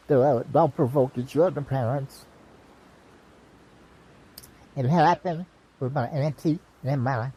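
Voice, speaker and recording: A man with a mellow, dark-toned voice lectures at length in a preachy, profane monologue. He keeps checking in with "you know what I mean" as he talks. He is recorded outdoors, with faint noise in the background. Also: mid-range voice, rough recording. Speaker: self-styled teacher vlogger. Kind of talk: impassioned monologue to camera.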